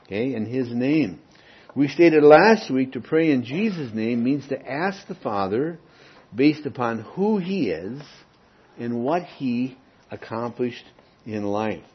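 A man preaching a teaching sermon, often checking in with "Okay?" and pressing key words before dropping low and quiet. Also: animated, slow, husky, dull audio. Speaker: pastor.

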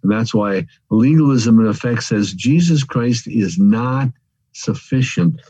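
A man's voice: mid-range voice, lively intonation, a little slow, dark tone, husky, no echo, dull audio. A man preaching a sermon, calling his listeners friends and working through numbered points. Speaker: pastor.

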